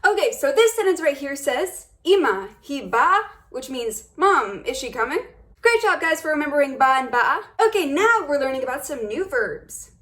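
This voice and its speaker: A young woman with a high voice runs a casual video lesson. She sounds upbeat and cheers her viewers on as she explains each step. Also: sing-song, moderate pace, a bit bright. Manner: upbeat, encouraging, addresses viewers as guys. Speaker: language teacher.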